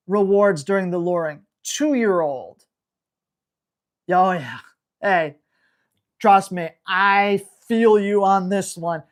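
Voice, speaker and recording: A woman dog trainer answering viewer questions on a live stream, in a brisk, slangy and blunt way. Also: medium pitch. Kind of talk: live Q&A, casual coaching.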